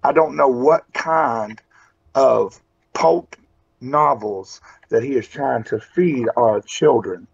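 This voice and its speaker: A man's voice: medium pitch, slow pace, gravelly, breathy edge. A man from West Virginia cutting an intense, folksy in-character wrestling promo. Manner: folksy and intense, calls people brother. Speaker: pro wrestler. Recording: dull lo-fi audio.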